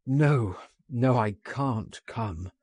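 A man's voice: very slow, a little mellow, breathy edge, dry recording. A man voicing a frightened, pleading man in despair. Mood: resigned. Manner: pleading, anguished, higher than the narrator.

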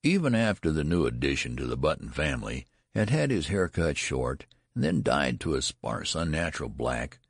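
Deep-voiced male audiobook narrator, gravelly and expressive, dry close mic. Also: moderate pace, few pauses, no room sound. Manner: acts out the dialogue.

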